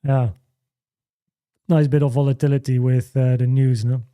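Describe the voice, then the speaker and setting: Halting, mellow-voiced man on a livestream. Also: mid-range voice, little pitch movement, clear, resonant tone. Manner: halting, repeats words, many fillers. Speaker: livestream host. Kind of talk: casual livestream chat. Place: home.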